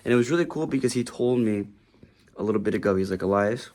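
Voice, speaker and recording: A man's voice: medium pitch, lively intonation, fast, mellow. A man who works as a real estate agent giving a casual, rambling tour of his office, talking loosely with many fillers. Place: office indoors.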